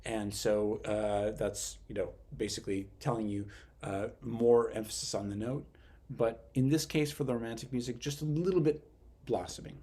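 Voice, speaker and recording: A man coaching young musicians through a passage in an online rehearsal. He explains accents in a relaxed, meandering way with plenty of fillers. He breaks into sung rhythm syllables to show what he wants. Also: fairly low pitch, normal speed, husky. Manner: sings rhythms with syllables to demonstrate; relaxed, hesitant phrasing with fillers. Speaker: youth orchestra conductor. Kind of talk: rehearsal instruction.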